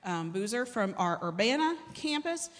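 A woman's voice: medium pitch, very animated, moderate pace, in a large hall. A woman pastor giving church announcements, often affirming with "amen.". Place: church sanctuary.

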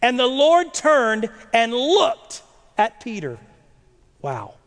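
A male preacher with a high, very lively voice that swoops up and down as he reads scripture and questions his listeners. His words ring out with a long echo, as in a large hall. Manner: animated, rhetorical questions, dramatic slow readings. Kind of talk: sermon reading and explaining scripture.

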